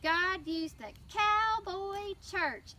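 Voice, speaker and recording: Slow, animated woman telling a children's story. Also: very high-pitched. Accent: Southern US. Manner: animated, prompting child responses. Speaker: children's mission teacher. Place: church. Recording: distant mic with faint noise.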